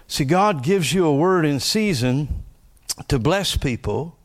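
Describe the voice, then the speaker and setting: A man preaching a conversational sermon in a folksy, joking way, laughing often and swinging from quiet asides to loud punchlines. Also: on the high side, lively intonation, measured pace.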